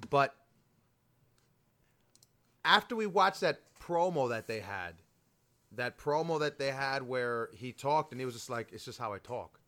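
A man co-hosting a wrestling podcast in casual chat, restarting sentences and rushing when mocking. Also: medium pitch, expressive, pushed and bright. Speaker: podcast co-host.

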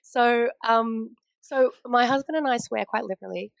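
A woman's voice: a little high, moderate pace, gravelly, dry recording, lo-fi sound. A woman with an Australian accent, co-hosting a casual podcast over a video call, telling stories with many fillers. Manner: chatty storyteller, many fillers and restarts. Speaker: podcast co-host. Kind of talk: casual chat.

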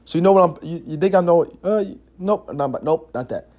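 A man hosting a casual solo podcast, telling stories in an animated, slangy way, cursing freely and filling his talk with "yo" and "like". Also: fairly high pitch, moderate pace. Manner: animated, slangy storytelling with frequent "yo" and "like"; curses freely. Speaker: podcast host.

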